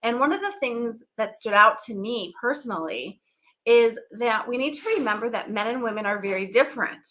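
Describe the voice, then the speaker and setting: A woman's voice: on the high side, expressive, a little fast, pushed and bright, slight background noise. A middle-aged woman hosting a podcast, chatting casually in a rambling, laughing way. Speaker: podcast host. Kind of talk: casual live chat.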